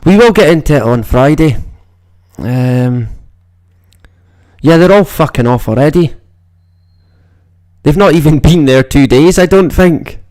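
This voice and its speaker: A Scottish man hosts a loose livestream chat and drifts from one thought to the next, swearing almost every sentence. He talks slowly in a slightly high voice. The sound is dry and close, with no room echo. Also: lively intonation, a little mellow. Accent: Scottish, northeast Moray. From Scotland. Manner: rambling, swears constantly. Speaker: livestream host.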